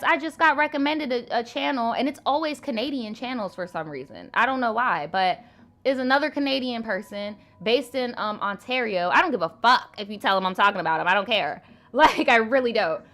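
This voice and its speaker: Young woman, host, live-stream advice chat, blunt, animated, cursing, slightly high voice. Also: brisk.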